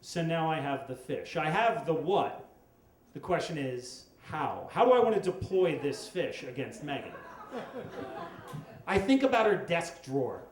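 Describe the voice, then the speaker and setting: A middle-aged man telling a comic story on stage at a storytelling event, wry and with dramatic pauses. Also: fairly high pitch, sing-song. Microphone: stage microphone. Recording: echoey live room with faint noise.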